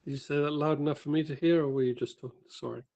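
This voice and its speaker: Gravelly-voiced man player. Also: a little high, steady tone, racing, dark tone. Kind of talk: casual game talk.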